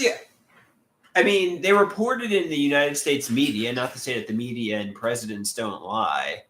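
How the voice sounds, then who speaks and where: Guy ranting on a live stream, keeps repeating himself, lively up and down voice, bright tone. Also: medium pitch, normal speed, reverberant. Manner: agitated, repetitive, stumbling restarts. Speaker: live streamer reading chat. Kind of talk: rambling live-stream chat.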